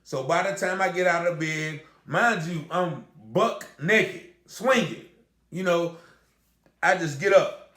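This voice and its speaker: A man's voice: fairly high pitch, takes it slowly, pushed and bright. A middle-aged man candidly telling a personal story, emphatic and full of asides to the listener. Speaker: storyteller recounting a personal experience. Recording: echoey room.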